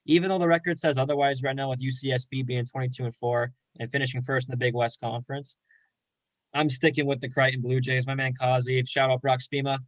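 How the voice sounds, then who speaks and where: A man co-hosts a casual sports chat. He makes his picks with easy confidence and a bit of slang. His voice sits at an everyday middle pitch and sounds dry and close, with no room around it. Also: little pitch movement, fast, no room sound, low-quality recording. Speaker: co-host.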